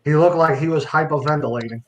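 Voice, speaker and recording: A man's voice: on the high side, fast, low-quality recording. A man telling a comic anecdote as a podcast guest, acting out the lines of the people in it. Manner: animated, acts out other people's lines.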